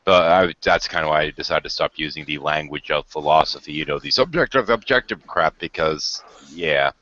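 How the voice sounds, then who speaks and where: A man's voice: rumbling low, brisk, pushed and bright, muffled recording. A man hosting a casual group chat show, blunt, joking and profane. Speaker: podcast host.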